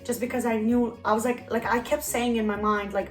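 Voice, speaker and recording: A woman's voice: on the high side, little pitch movement, fairly quick, few pauses. A young woman vlogger telling a casual story time, rambling and full of "like" fillers. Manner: rambling, heavy use of "like" fillers. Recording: roomy echo, faint background music.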